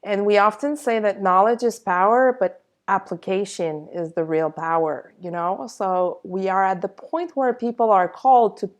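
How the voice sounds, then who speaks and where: A woman's voice: medium pitch, normal speed, hardly any pauses. A woman channeling a spiritual energy update, speaking in a reassuring way and sometimes searching for her words.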